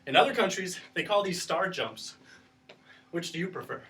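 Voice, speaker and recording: A man's voice: high-pitched, lively intonation, normal speed, fairly bright tone. A man teaching a children's exercise class, counting down reps and explaining as he works out, breathing hard from the effort. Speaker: teacher leading a class workout. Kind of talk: instructional exercise video. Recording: voice distant from the mic.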